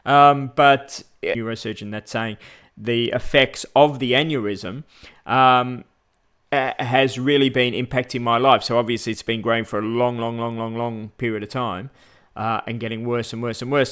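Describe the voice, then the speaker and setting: An Australian man talking loosely to a live audience, full of ums and restarts. His voice sits at an ordinary middle pitch, and he breaks off now and then to say hello to people joining in. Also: steady tone, normal speed, a bit bright, clear, resonant tone. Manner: rambling, many fillers, greets viewers mid-story. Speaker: vlogger. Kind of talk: casual livestream chat.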